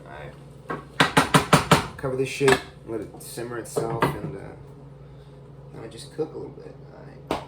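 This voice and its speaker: A man's voice: medium pitch, moderate pace, pauses often, very noisy. A man in his thirties from the United States, ranting casually about a film into his phone while cooking at home, swearing often and rambling. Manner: swears a lot, rambling and exasperated. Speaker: vlogger reviewing a film. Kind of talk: casual rant.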